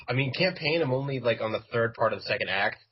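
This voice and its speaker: A man chats casually about games on a podcast. His voice is husky, and it comes through a dull, lo-fi recording. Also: mid-range voice, lively intonation, moderate pace. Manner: jokey, puts on silly voices. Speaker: podcast co-host. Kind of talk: casual chat. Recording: dull lo-fi sound.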